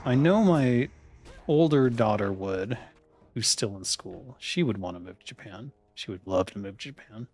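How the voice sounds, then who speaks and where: A man's voice: on the low side, lively intonation, moderate pace, darkish tone, no room sound. Man in his thirties, loose chatty streamer, lots of swearing and muttered asides. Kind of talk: casual chat while ordering food online.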